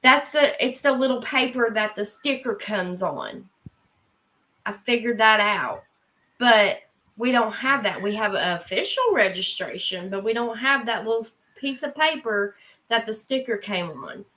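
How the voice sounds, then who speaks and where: Slow-talking woman rambling through a story. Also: on the high side, pushed and bright, poor audio. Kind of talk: casual chat.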